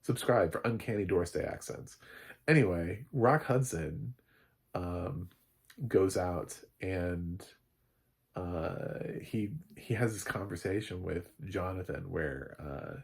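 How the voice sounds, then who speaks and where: A man giving a casual, rambling film recap, full of fillers and quick laughs. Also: sits low, vocal fry, slightly rough. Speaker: film reviewer.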